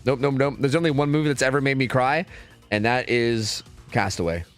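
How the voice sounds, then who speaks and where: A man's voice: mid-range voice, a little fast, faint music behind. A man chatting casually with his stream viewers, rambling and swearing a lot, full of fillers. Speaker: streamer and game caster.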